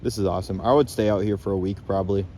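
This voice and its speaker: A young man with a lowish voice talks in a loose, rambling way into a handheld phone, relaxed and casual, swearing now and then. He is outdoors on a lake island, and a faint hiss of wind sits behind his voice. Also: racing. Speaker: vlogger camping alone on an island. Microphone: handheld phone camera.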